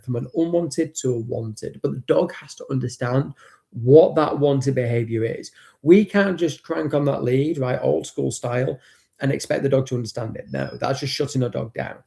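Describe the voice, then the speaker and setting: Bloke teaching dog training on a live stream, gravelly dark voice, blunt and sweary. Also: male voice, medium pitch. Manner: chatty and blunt, swears, greets chat viewers.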